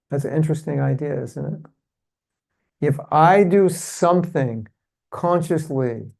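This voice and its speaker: A man with a very gravelly, creaky voice teaching a devotional seminar in a temple hall. He speaks in a fairly high register for a man, often poses rhetorical questions, and leads the audience in call-and-response. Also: a little mellow. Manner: rhetorical, keeps asking "isn't it?".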